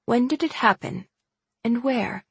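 Lady reading a soft-spoken old gran, grave and measured, a little gravelly and husky. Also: fairly high pitch, no echo, pitched above the performer's own voice, exaggerated voice. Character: older woman, a wise, grave grandmother.

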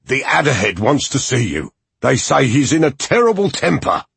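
A man voicing a blunt, brutish young male bodyguard who talks in a gruff, rough way, read as an audiobook. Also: fairly low pitch, animated, a little slow, dry recording, full character voice. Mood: alarmed.

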